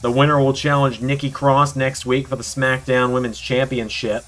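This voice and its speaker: A man's voice: mid-range voice, level tone, normal speed, a bit bright. Man with a sore throat calling matches. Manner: announcer-style play-by-play, hype calls. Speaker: commentator, channel host. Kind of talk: play-by-play video game wrestling commentary.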